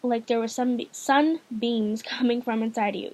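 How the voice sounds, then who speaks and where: A woman's voice: a little high, fairly even intonation, moderate pace, a little mellow. A woman reading a novel aloud in a casual, hesitant way, often stumbling and restarting lines. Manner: hesitant, frequent restarts and fillers. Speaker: audiobook reader, channel host.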